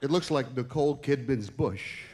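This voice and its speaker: A man's voice: medium pitch, normal speed, dark tone. An older man doing a crude, brash insult-comedy stand-up set on stage. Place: stage at a live venue. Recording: live stage audio with audience noise. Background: audience laughter.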